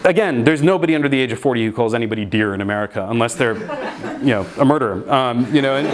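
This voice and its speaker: A young man telling a comedic story in an animated way, laughing and leaping high in pitch when he quotes himself. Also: very fast. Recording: noisy background.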